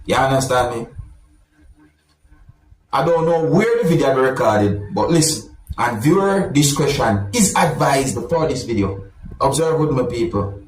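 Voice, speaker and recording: Animated man commenting on clips. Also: medium pitch, unhurried, long pauses, echoey room, distant mic, low-quality recording. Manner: animated, repeats "my people". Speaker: vlog host.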